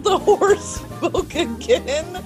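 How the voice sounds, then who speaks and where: A woman's voice: extremely high pitch, animated, drawn-out words, over music. A woman guest chatting casually and reading a fan fiction aloud with mock intensity, laughing often.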